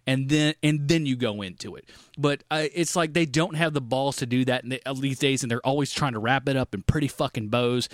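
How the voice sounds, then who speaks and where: A man's voice: medium pitch, dry recording, clean studio sound. A man co-hosting a casual movie review podcast, ranting with lots of swearing. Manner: profane, animated ranting. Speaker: podcast co-host.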